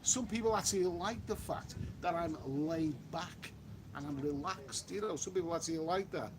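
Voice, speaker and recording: A fairly high-voiced English man rambles through a casual live stream from the seaside, restarting sentences and tossing in mild swearing. Faint outdoor ambience sits behind his voice. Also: normal speed, noisy background. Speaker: travel vlogger live-streaming. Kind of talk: casual live-stream chat reading viewer comments. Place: outdoors by a beach.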